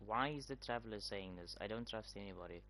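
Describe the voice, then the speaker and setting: A man's voice: on the low side, fast talker, a bit bright, a little hiss or hum. A swearing male gaming streamer. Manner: swearing, mocking, blunt reactions. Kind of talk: gameplay commentary.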